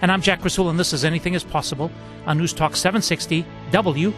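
High-voiced radio host over music. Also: male voice, steady tone, fast talker. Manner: smooth, scripted on-air introductions. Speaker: radio talk show host. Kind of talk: radio interview.

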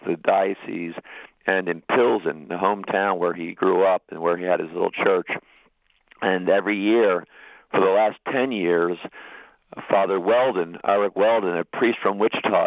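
A bishop telling stories as a guest in a radio interview, earnest and halting with restarts. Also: male voice, deep voice, creaky, dry recording. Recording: tinny phone line.

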